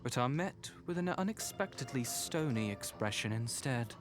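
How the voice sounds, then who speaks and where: A voice actor narrating a visual novel in the second person, describing scenes in an even, descriptive manner. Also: medium pitch, moderate pace, close to an everyday voice. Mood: calm. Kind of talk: scripted game narration. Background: game soundtrack music.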